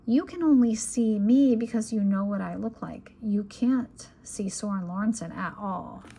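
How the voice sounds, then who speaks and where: A woman's voice: mid-range voice, unhurried, creaky, dark tone, a little hiss or hum. A woman reading aloud, voicing a chatty, stubborn little girl who speaks in a matter-of-fact, insistent way.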